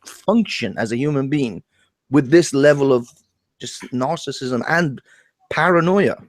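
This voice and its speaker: A man's voice: mid-range voice, a little slow. A man from a Persian family, co-hosting a casual discussion, ranting with laughs and stumbling repeats. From Middle East, Persian family. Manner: animated, ranting, laughs often, repeats words.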